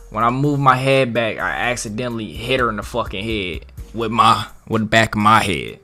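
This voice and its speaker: A man's voice: fairly low pitch, normal speed, faint music behind. Profane, swaggering storytime guy. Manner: profane, slangy, dramatic storyteller with big swings in loudness. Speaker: vlogger telling a story. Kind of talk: casual storytime.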